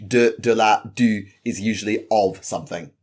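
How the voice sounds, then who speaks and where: A man co-hosting a podcast, talking quickly in a chatty, self-deprecating way. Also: on the low side, a little mellow. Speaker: podcast co-host. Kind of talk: casual chat.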